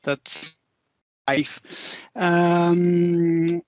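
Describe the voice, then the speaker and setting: Halting French-accented man, higher voice. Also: flat delivery, a little mellow, slight background noise. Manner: halting, with many pauses. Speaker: conference presenter. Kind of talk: online conference talk. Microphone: video call. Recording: dry, slightly muffled online call.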